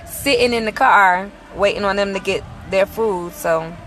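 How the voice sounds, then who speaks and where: With a mid-range, somewhat bright voice and a slightly slow pace, a woman ministry leader talks casually to her livestream from a car outside a mall. She names viewers as she greets them and blesses them.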